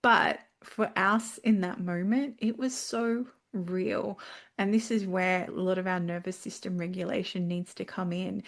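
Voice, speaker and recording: A middle-aged woman talking expressively as a guest on a panel discussion, animated and emotional. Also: mid-range voice. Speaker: guest speaker.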